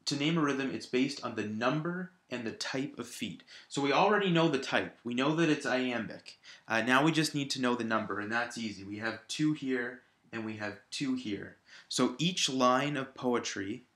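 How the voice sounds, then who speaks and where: A man's voice: mid-range voice, fairly bright tone, echoey room. A male teacher patiently explaining a lesson, repeating examples aloud to stress each syllable. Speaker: high school English teacher. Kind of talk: recorded video lesson.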